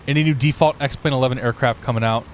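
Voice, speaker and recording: A man's voice: medium pitch, fairly even intonation, fast, a little hiss or hum, rough recording. A man streaming a flight simulator, chatting casually with viewers and thinking aloud.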